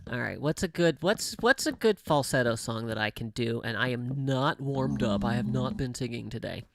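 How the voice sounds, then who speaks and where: A man's voice: mid-range voice, expressive, normal speed, creaky, a bit bright, slight background noise. A middle-aged man chatting on a livestream, telling stories with laughs and many restarts. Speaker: streamer. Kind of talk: casual livestream chat.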